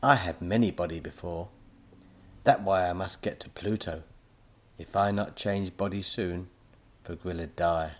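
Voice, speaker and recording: A man's voice: sits low, fairly even intonation, unhurried, long pauses. A man voicing a small, furry, ancient alien creature that speaks in broken, simple phrases.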